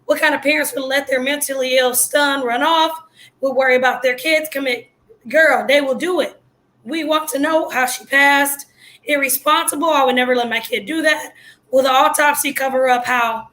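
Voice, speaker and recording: Excitable woman, high bright voice. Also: normal speed. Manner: blunt, excitable, slangy. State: losing her voice. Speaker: video host commenting on news. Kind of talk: casual live commentary.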